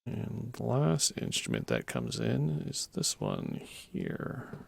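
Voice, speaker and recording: A man explaining his music production in a relaxed, casual way, thinking aloud with fillers and self-corrections. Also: medium pitch, takes it slowly, creaky, slightly rough, dry recording. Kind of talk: casual screen walkthrough. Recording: music playing underneath.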